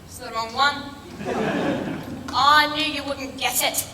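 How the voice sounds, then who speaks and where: A woman's voice: sits high, fairly even intonation, slow pace. A woman playing a tactless old grandmother in a stage comedy sketch, nagging, repeating herself and throwing blunt insults. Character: cheeky rude old London grandmother, gossiping and tactless. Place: stage in a large hall. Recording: echoey hall, distant mic, noisy.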